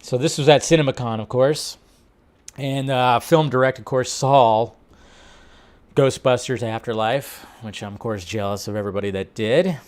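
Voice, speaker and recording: A man's voice: medium pitch, moderate pace. A man hosting a casual film news show, chatting loosely and breaking into bursts of disbelief. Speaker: host.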